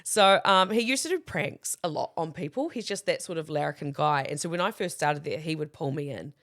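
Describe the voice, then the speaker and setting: An animated woman in her thirties with a New Zealand accent, her pitch leaping up and down as she tells stories. She chats casually as a podcast co-host, acting out the other people in her stories and swearing freely. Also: brisk. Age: 30s. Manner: animated, swears, acts out quoted voices. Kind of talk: casual chat storytelling.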